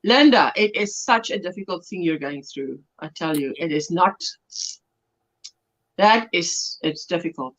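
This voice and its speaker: A woman's voice: on the low side, lively intonation, a little slow, fairly bright tone. A South African woman hosting a crochet livestream, chatting casually and laughing often as she reads viewer comments aloud. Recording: lo-fi livestream audio.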